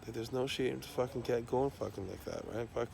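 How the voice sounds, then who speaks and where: A man's voice: mid-range voice, brisk, vocal fry, a little mellow, slight background noise. A man talking in a loose, rambling monologue, swearing constantly and trailing off into fillers and restarts.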